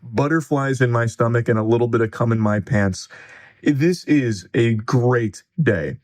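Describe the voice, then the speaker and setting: A man in his thirties giving crude, sarcastic commentary on a news clip in a deadpan way. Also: medium pitch, unhurried. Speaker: commentary host.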